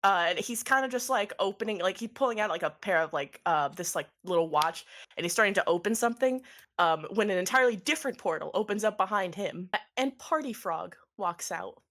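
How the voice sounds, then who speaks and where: A woman's voice: medium pitch, expressive, a little fast, fairly bright tone. A woman narrating a tabletop game as game master, loose and full of laughter and fillers.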